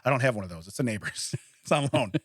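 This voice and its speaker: A man's voice: medium pitch, animated, fast talker, dry recording, studio quality. A man co-hosting a live comedy podcast, reading strange news stories in casual chat, laughing often and cracking jokes. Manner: laughs often, jokey asides and mock quotes. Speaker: podcast co-host. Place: live recording with a co-host.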